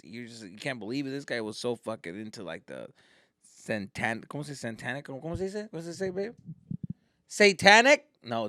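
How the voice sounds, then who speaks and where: A man's voice: mid-range voice, no room sound, studio quality. A man hosting a casual solo podcast, ranting profanely and mixing in Spanish. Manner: profane, animated, slips into Spanish. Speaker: podcast host. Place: indoors at home.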